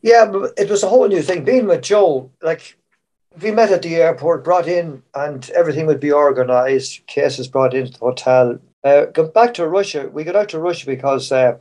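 A man's voice: a little high, normal speed, darkish tone. An older Irish man, a former showband musician, telling rambling stories from his touring years in an online panel. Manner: rambling anecdotal storytelling.

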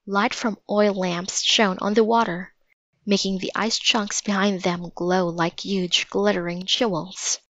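A woman reading a children's chapter book aloud in a slow, steady manner. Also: mid-range voice, no echo, highs cut off. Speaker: storybook reader.

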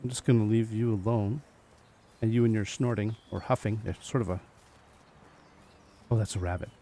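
A man's voice: fairly low pitch, steady tone, normal speed, mellow, slight background noise. A man giving casual gameplay commentary, chatting to the animals he meets and laughing often as he plays. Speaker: gaming video host.

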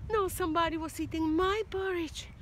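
A woman voicing a fretful mommy bear in a storybook, complaining in a high, loud voice. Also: steady tone, brisk, slight background noise. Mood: indignant.

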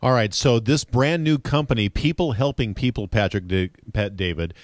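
A man's voice: medium pitch, normal speed, no room sound. A man hosting a radio interview, asking probing questions in a conversational way into a studio microphone. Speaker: radio talk host.

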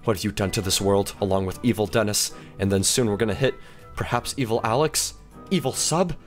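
An excitable, jokey man giving let's-play commentary on a game as its host, gasping and squealing as he plays, over faint background music. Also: lowish voice, fairly quick. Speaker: gaming video host.

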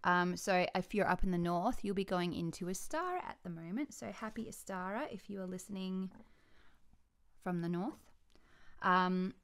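An Australian woman hosts a relaxed podcast from home, bubbly and chatty. She talks in an easy, friendly flow and breaks into laughter often. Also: fairly low pitch, moderate pace, clean tone. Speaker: podcast host. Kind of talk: casual chat.

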